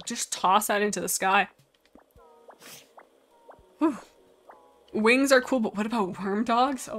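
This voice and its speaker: A woman streaming a video game, chatting casually and excitedly talking to the little creatures on screen. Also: medium pitch, noisy background. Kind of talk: casual gameplay commentary. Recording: music playing behind the voice.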